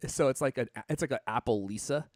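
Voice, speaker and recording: A man hosts a live tech podcast in a loose, jokey way and keeps reading out viewer comments as they arrive. His voice sits at an ordinary middle pitch. The sound is dry, with barely any room around it. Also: fast, a little mellow, no echo. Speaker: podcast host. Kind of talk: casual live-stream chat.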